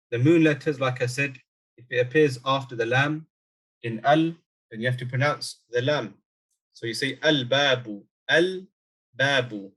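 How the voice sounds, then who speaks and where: A man teaching an online Arabic lesson, explaining step by step and slowly repeating example words. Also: medium pitch.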